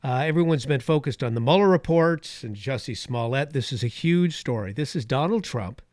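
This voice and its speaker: This talk radio host's mid-range, darkish voice moves at a moderate pace with lively intonation. He delivers a strongly opinionated monologue from a radio studio, repeating points for emphasis and dropping sarcastic remarks, captured cleanly with no room sound.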